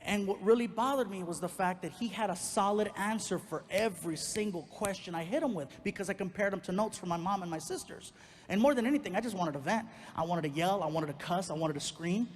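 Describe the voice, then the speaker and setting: A male stand-up comedian telling a personal story on stage, animated and acting out each person in it. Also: high voice, fairly quick. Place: comedy stage in a large venue. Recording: live hall with faint noise.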